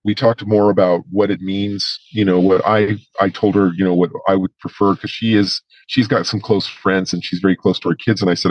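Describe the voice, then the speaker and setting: A man's voice: low-pitched, flat delivery, fairly quick, hardly any pauses, no room sound, highs cut off. A middle-aged man as a podcast guest, recounting a conversation with fillers and restarts. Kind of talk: casual interview storytelling.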